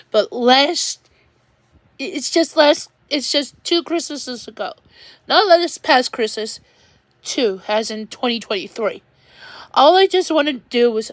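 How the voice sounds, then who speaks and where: A woman venting on a livestream, rambling and halting, repeating words as she goes. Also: fairly high pitch, no echo.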